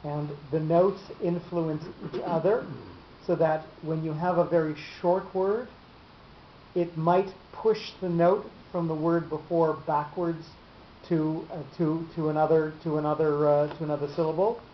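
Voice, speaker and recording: A man teaching a class on Torah reading marks. He talks haltingly, with many fillers and repeated words. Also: a little high, steady tone. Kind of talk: explaining cantillation marks in a class. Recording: dull echoey room recording with hiss.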